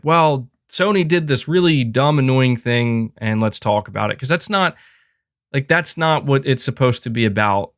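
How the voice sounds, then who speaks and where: A man's voice: mid-range voice, fairly bright tone, no echo, clean studio sound. Emphatic man ranting on a podcast. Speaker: podcast host. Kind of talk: casual opinion commentary.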